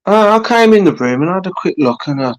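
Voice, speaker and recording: A man's voice: sits high, animated, fast, no echo, rough recording. A British man in his forties hosting a live stream, chatting casually and rambling with many hesitations and restarts. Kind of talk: casual chat with viewers. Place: home room.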